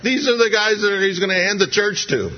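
Animated preacher telling a sermon story. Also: male voice, sits high, brisk, muffled recording, slight background noise. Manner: dramatic storytelling, acting out scenes in voices.

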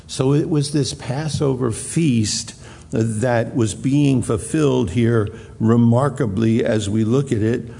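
A man preaching a sermon in a church, slow and deliberate, repeating phrases for emphasis. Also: mid-range voice, vocal fry, mellow, breathy edge. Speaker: pastor. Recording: long hall reverb.

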